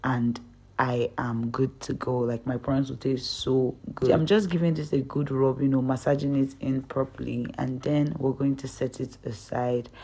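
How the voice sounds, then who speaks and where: A woman's voice: rumbling low, flat delivery, normal speed, mellow, breathy edge. A young woman hosting her own cooking channel, talking viewers through a recipe step by step in a chatty, upbeat way. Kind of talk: recipe tutorial voice-over.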